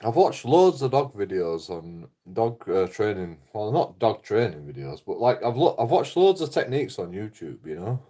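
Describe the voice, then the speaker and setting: A man's voice: fairly low pitch, sing-song, moderate pace, few pauses, dark tone. A man talking in a casual, rambling monologue, blunt and full of swearing, often laughing. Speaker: YouTuber.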